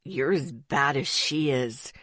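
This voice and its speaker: A grumpy, feverish young man mutters from his sickbed in a low, muffled grumble, as a woman narrator puts him on. The voice sits well below her own, tired and sulky, and the read is close and dry. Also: takes it slowly, a bit bright, no echo, exaggerated voice. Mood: grumbling. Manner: grumbling, mumbling.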